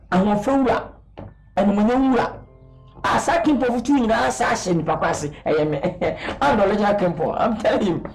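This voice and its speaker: A man plays a showy, boastful rich big man with a Ghanaian accent. He swaggers, laughs and mixes English with Twi, his pitch leaping around. A little music sits under the voice. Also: a little mellow. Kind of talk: comedy skit acting.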